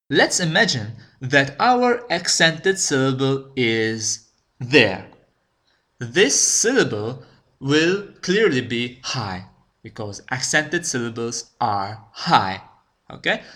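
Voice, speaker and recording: A man giving a recorded lecture, explaining step by step in a slow, deliberate way and checking in with "okay?". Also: mid-range voice, pushed and bright. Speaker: language teacher.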